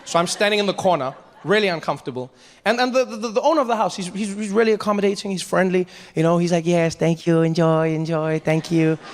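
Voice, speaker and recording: Animated stand-up man on a reverberant stage. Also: high-pitched. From Africa. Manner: animated storytelling, quick asides. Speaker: stand-up comedian. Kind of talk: stand-up comedy set. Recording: live stage with long reverb and faint ambience.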